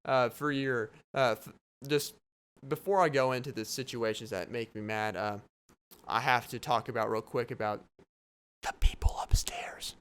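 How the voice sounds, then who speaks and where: Young man, podcast host, casual rambling talk, laughing asides, clean resonant voice, mid pitch. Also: fairly even intonation, moderate pace, fairly bright tone, clean tone. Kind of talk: casual solo podcast monologue. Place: home at night, downstairs apartment.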